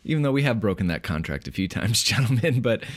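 A man's voice: on the low side, very animated, quick pace. A man hosting a casual podcast chat, leading the talk and laughing easily. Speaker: podcast host.

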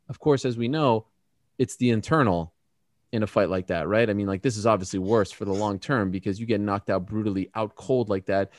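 A man co-hosting a casual sports chat show, talking fast and getting insistent and excitable as he argues his picks. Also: fairly low pitch, dry recording, clean studio sound. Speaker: co-host.

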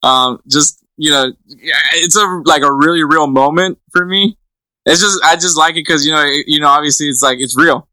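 A man's voice: on the high side, moderate pace, bright, forceful tone, dry recording, low-quality recording. A man co-hosting a podcast in casual chat, laughing often and rambling through restarts. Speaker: podcast co-host.

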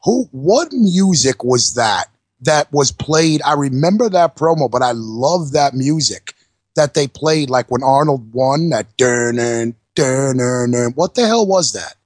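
A man's voice: fairly high pitch, sing-song, measured pace, darkish tone, breathy edge, no echo, clean studio sound. A man co-hosting a casual podcast with blunt, profane banter. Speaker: podcast co-host.

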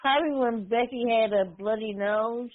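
A woman's voice: on the high side, normal speed. A woman calling in to a podcast, giving short, hesitant answers. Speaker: caller. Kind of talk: phone-in chat. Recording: phone line.

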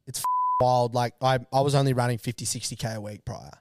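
A young Australian man in his twenties, a guest on a podcast, telling rambling stories with quick laughs and loud shouted bits. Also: medium pitch, fairly even intonation, background noise. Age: 20s. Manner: rambling, laughing mid-sentence, acts out his own shouts. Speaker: guest runner. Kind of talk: casual storytelling.

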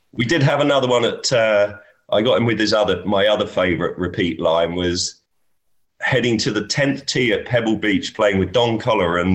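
A man, a golf caddy, telling anecdotes in a casual chat and often laughing as he talks. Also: lowish voice.

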